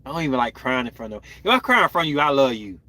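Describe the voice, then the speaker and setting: A man hosting a podcast, chatting casually and bluntly in slang with animated outbursts as he reacts to viewer comments. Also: mid-range voice, racing. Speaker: podcast host.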